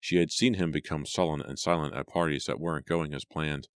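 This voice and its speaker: A man narrating an audiobook in a steady, even storytelling manner. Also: a bass voice, a little fast, dry recording, clean studio sound. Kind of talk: scripted narration.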